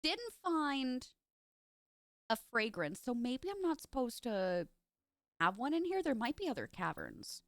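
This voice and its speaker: A woman's voice: high-pitched, big pitch swings, unhurried, dry recording. A young woman streamer chatting playfully while she plays, sounding congested. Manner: chatty, playful asides to chat. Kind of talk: casual live game stream commentary.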